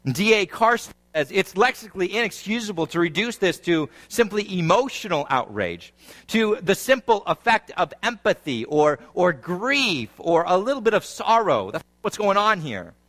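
Expressive high-pitched male preacher. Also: normal speed. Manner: expressive preaching, rising and falling intensity; reads scripture, then explains it. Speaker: pastor. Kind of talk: sermon.

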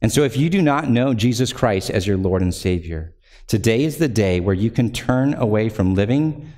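A male pastor preaching a sermon earnestly, rising to fervent emphasis when reading scripture and slowing to a low close at the end of phrases. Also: lively intonation, darkish tone.

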